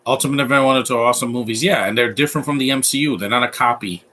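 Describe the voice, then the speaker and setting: A man's voice: medium pitch, very fast, bright, forceful tone. A man in his thirties giving live movie commentary, opinionated and rambling, often restarting his sentences.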